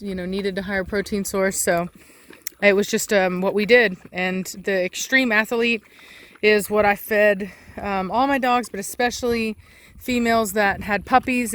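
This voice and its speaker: A woman with a Texan accent, a dog breeder, chatting in a casual outdoor vlog and calling to her dogs in a high sing-song voice. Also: slight background noise. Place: outdoors in a rural yard. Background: dogs barking and rural ambience.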